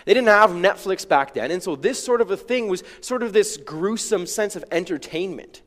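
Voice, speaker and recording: A fairly high-voiced man preaching with an easy, conversational manner. He keeps checking in with the room with quick rhetorical questions. His voice rings out with a long reverb, as in a church sanctuary. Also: animated, a bit bright. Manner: conversational, uses rhetorical "right?". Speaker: pastor. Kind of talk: sermon.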